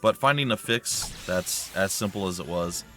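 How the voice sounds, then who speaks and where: A man's voice: low voice, normal speed, a bit bright, faint music behind. A man hosting a let's play, chatting casually and rambling about his game. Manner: rambling, chatty, self-correcting. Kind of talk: casual gameplay commentary.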